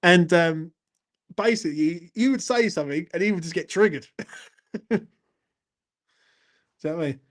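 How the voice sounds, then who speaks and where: This young host has a high-pitched voice and talks at a normal speed, pausing often. Chatting laddishly on his casual live stream, he reads viewers' comments aloud and repeats "do you know what I mean."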